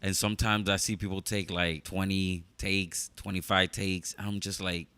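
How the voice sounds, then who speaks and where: A man's voice: low voice, level tone, normal speed, bright, forceful tone, clean tone. A man hosting a podcast interview, asking questions casually, with frequent short agreements and some swearing. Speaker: podcast host.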